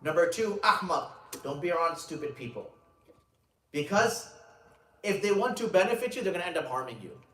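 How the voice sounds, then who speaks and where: A man, an Islamic scholar, giving a religious lecture to a gathering. He tells stories casually, then slows down and speaks with emphasis when he explains sayings. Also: on the high side, expressive, sharp tone. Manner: casual, conversational storytelling with frequent "you know" and restarts. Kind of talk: religious lecture with a storytelling anecdote. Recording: roomy, distant mic with faint ambience.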